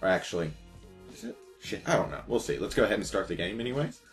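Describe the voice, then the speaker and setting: Deep-voiced, laid-back gaming commentator. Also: male voice, sing-song, quick pace. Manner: laid-back, profane, joking. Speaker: gaming YouTuber. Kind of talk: let's-play commentary. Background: game music.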